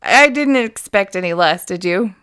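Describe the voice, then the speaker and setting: A woman's voice: mid-range voice, animated, normal speed, fairly bright tone, clear, resonant tone. A woman in her thirties co-hosting a casual podcast chat. She laughs often, swears freely and keeps losing her train of thought. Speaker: podcast co-host.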